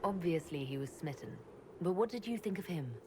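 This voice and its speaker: An earnest young woman hero, voiced by an actress, polite and steady, with a lowish voice. She comes through game audio with a clear hiss of noise behind. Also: a little fast, natural voice. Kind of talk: video game dialogue.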